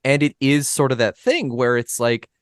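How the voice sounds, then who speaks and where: A man's voice: mid-range voice, sing-song, normal speed, smooth, dry recording, studio quality. A man in a casual podcast discussion of a play, thinking aloud with many fillers and hedges. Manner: thoughtful, hedging, many fillers. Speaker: podcast co-host or guest.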